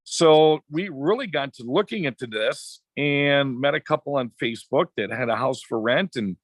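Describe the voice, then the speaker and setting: A middle-aged man from Wisconsin, a former racetrack announcer, telling a story as a podcast guest in a chatty, animated way. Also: medium pitch, moderate pace, dry recording. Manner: chatty, animated anecdotes with quoted dialogue. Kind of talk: casual storytelling.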